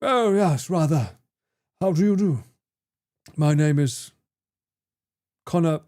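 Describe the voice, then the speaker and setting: A man voicing a prim, posh young British gentleman with exaggerated upper-class enunciation. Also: a little high, expressive, slow.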